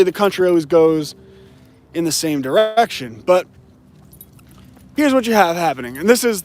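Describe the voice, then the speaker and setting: A man delivering an opinionated political monologue, slowing down to stress his key points. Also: high-pitched. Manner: emphatic, slows down to stress key words. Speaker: political commentator.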